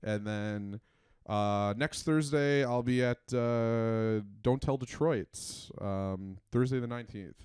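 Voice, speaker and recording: A young man chatting on a podcast in a plain mid-range voice. He is deadpan and halting, stopping on lots of fillers as he tells a story. The recording is dry and close. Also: mid-range voice, smooth, no echo. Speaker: podcast co-host. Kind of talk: casual chat.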